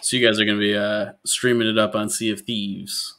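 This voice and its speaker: A man's voice: fairly low pitch, flat delivery, brisk, fairly bright tone. A man co-hosting a podcast, asking short questions in casual chat. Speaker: podcast co-host.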